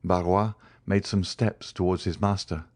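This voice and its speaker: A male narrator reads a classic novel aloud with a low voice. His delivery is measured and even, with a scripted audiobook style. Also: no echo.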